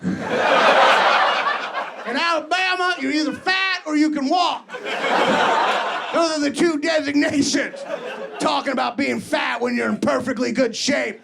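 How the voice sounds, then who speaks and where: A male stand-up comedian tells stories on stage in a high, gravelly voice, with punchy, exaggerated asides. He speaks into a handheld mic, and a loud live crowd laughs behind him. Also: measured pace, pauses often, heavy background noise.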